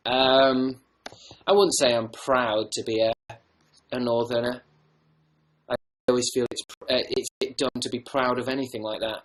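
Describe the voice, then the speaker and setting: A young man with a softened northern English accent chats loosely on a livestream. He rambles through viewer comments and drops casual swear words as he goes. His pitch sits in an ordinary middle range. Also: flat delivery, normal speed. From northern England. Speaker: livestream host.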